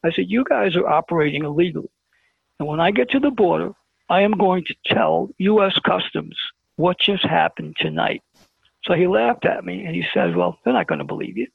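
On a call-in radio program, a Brooklyn guest recounts something that happened to him, performing each line of dialogue with lively flair at a normal pace. The strongly raspy, gravelly voice pitches high for a male and comes through a dry, tinny phone connection.

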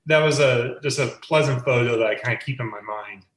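A man's voice: medium pitch, a little fast, a bit bright. A man reminiscing about his college days, reflective and amused. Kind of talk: reflective storytelling. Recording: echoey room.

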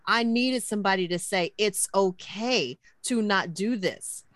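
Woman podcast host, slow n earnest, opening up emotionally, dry close sound. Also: medium pitch, a bit bright, dry recording. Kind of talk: candid personal storytelling.

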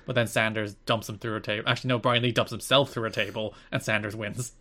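A man co-hosting a podcast, recapping events in brisk casual chat and often repeating phrases. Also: on the low side, steady tone, bright, forceful tone. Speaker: podcast co-host.

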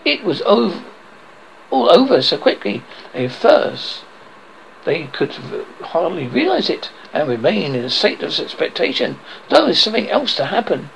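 A man hosting a horror show, reading a spooky tale dramatically, with halting slips now and then. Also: on the high side, creaky, slight background noise, poor audio. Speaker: horror host.

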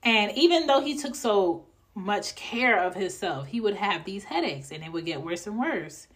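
A woman's voice: medium pitch, big pitch swings, moderate pace, a bit bright, breathy edge. A woman in her thirties hosting a podcast, giving life advice in a casual, blunt and profane way. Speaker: podcast host.

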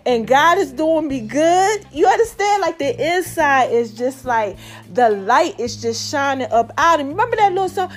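A woman in her forties with a high voice, holding forth in a sassy, playful monologue for her podcast. She laughs easily and talks straight to her listeners. Faint music plays underneath. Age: 40s. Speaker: podcast host. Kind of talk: casual motivational monologue.

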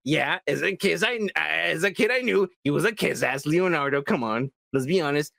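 A man co-hosting a podcast in casual chat, swearing a lot and talking excitably, saying he is high. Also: normal speed, creaky, dry recording. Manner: profane, animated, excitable. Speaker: podcast co-host.

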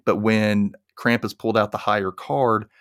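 A man with a lowish voice retells a film's story in a loose, chatty way. He slips into quick character voices as he goes. The sound is close and dry. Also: level tone, fairly bright tone, smooth, no room sound. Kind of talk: casual movie recap.

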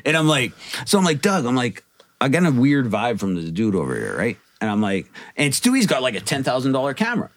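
A man's voice: medium pitch, fairly quick. A middle-aged man telling a wild story in casual chat, swearing freely and acting out the voices of the people in it. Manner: animated, swearing, acts out quoted voices. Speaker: rapper guest.

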